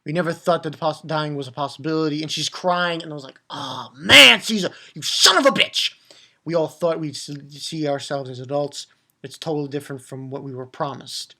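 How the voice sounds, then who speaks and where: A man recapping and reviewing a cartoon episode in a casual, excitable way, swearing freely and stumbling over restarts and fillers. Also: fairly high pitch, brisk. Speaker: anime reviewer.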